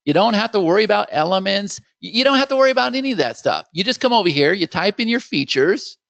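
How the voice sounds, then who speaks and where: A man hosting a live screen-share software demo, upbeat and salesy, talking straight to viewers as "guys" and acting out how clients would react. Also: sits high, lively intonation, fast talker, vocal fry, no echo, muffled recording. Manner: acts out clients' reactions in quoted voices.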